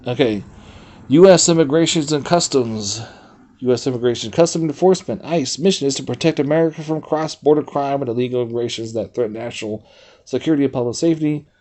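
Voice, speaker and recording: A man in a casual livestream talks loosely to his chat in a mid-pitched voice. He rambles, reads text aloud and bursts into profane exclamations. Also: fast. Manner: swears freely, animated outbursts. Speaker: streamer.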